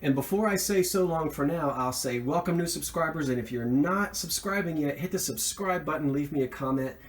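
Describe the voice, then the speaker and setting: A man's voice: on the high side, brisk. Chatty man rambling over thrift finds. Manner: rambling, chatty, with frequent fillers and self-corrections; enthusiastic about his finds. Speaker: thrift reseller vlog host. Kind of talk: casual show-and-tell chat.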